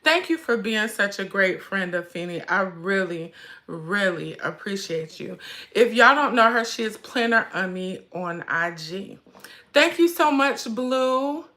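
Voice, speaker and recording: A chatty woman talks slowly and unhurriedly to her viewers in a casual livestream. Her voice is bright and forward, and she speaks with emotion, holding back tears. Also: mid-range voice, expressive. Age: 40s. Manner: chatty, addresses viewers as y'all. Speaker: handbag vlog host.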